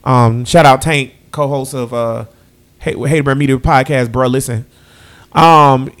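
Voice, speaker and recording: A man's voice: mid-range voice, fairly even intonation, measured pace, fairly bright tone. A man hosting a podcast, chatting loosely through football season picks and addressing listeners as y'all. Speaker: podcast host. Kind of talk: casual sports picks chat.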